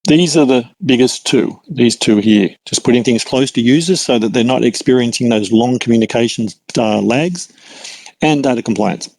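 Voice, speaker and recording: A man's voice: mid-range voice, normal speed, darkish tone, no room sound, rough recording. A middle-aged Australian man giving a conversational cloud computing lecture, with many fillers and restarts. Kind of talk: lecture with work anecdotes.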